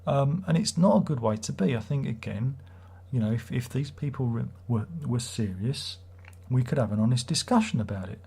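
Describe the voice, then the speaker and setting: A man's voice: mid-range voice, animated, normal speed, gravelly, hardly any pauses, mellow, husky. A man hosting a casual livestream, rambling and swearing as he reads viewer comments aloud. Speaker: livestream host.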